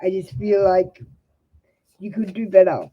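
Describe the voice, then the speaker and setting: A woman's voice: medium pitch, steady tone, unhurried, breathy edge, dull audio. An Australian woman giving blunt, direct tarot readings to viewers on a live stream. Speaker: tarot reader.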